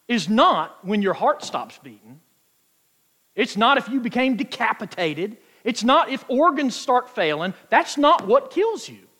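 A man preaching a sermon, emphatic and quoting scripture, stretching key words out slowly for weight. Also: sits high, a bit bright. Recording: long hall reverb.

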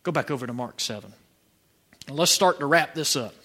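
A man from preaching a sermon, telling stories with animation and breaking into shouts. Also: medium pitch, fairly quick. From Georgia, USA. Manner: animated storytelling, bursts into shouting.

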